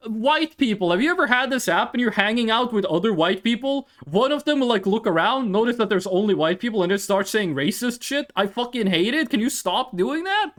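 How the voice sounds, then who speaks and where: A woman from Norway, chatting casually with her live-stream chat, blunt and animated, swearing freely. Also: a little high, brisk. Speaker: VTuber streamer.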